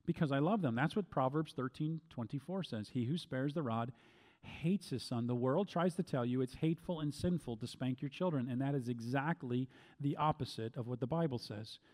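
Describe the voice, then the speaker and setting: Deliberate man teaching in a reverberant hall. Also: mid-range voice, a little mellow. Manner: deliberate, repeats key phrases for emphasis. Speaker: Bible teacher. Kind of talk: instructional Bible teaching.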